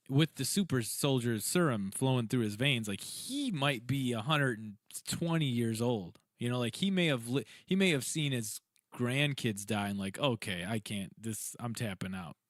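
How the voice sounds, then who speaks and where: Male podcast co-host, casual and rambling, middle pitch, dry room. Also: unhurried, no echo. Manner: rambling, animated storyteller, self-described comic nerd. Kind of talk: casual chat.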